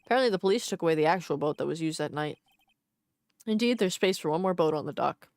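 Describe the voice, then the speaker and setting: A skeptical young defense lawyer, voiced by a woman dropping her voice. He speaks in a dry, gravelly, lowered tone. Deadpan and practical, from a video game. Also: quick pace, dry recording.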